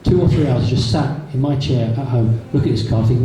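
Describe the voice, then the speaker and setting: A man with a medium-pitched voice talks fairly quickly to an audience as a guest speaker in a meeting hall, telling chatty anecdotes with repeated words. He is far from the mic, and the room recorder picks up hall echo and faint noise.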